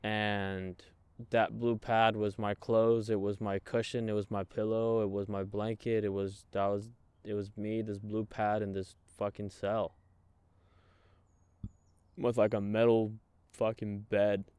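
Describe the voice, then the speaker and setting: A man, a guest in an interview, telling his own story in a raw, emotional way, swearing freely and halting often. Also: fairly low pitch, level tone, darkish tone, clean tone, no echo. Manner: halting, many fillers and restarts. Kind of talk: candid personal storytelling.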